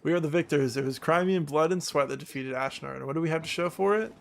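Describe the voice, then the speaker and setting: A man's voice: on the high side, fast, creaky. A man voicing a zealous male rebel who stirs up a crowd in a video game, speaking in a rousing, declamatory way.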